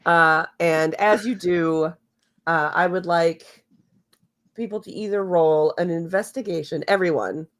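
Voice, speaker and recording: A woman running a tabletop game as game master, narrating in a halting way with many fillers and pauses. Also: lowish voice.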